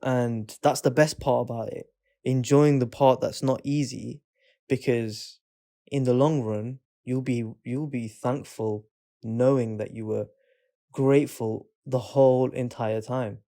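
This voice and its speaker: A man's voice: medium pitch, steady tone, unhurried, mellow. A man co-hosting a podcast, talking in a laid-back, reflective way that trails off. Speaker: podcast co-host. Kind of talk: casual chat.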